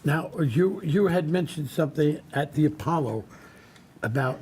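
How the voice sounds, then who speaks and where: A man's voice: on the high side, lively intonation, normal speed, darkish tone, breathy edge. A man interviewing a guest, asking questions hesitantly and restarting them.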